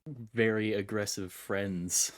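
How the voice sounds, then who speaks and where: Guy with a lowish voice on a gaming podcast, dry joking asides. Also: steady tone, slow pace. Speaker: podcast co-host. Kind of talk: casual chat.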